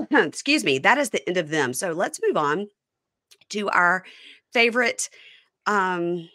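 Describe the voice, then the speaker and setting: A woman's voice: lowish voice, animated, a little slow, sharp tone. A woman hosting a podcast in a casual, sarcastic chat, sometimes reading an ad. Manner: chatty, sarcastic, mimics people. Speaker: podcast host.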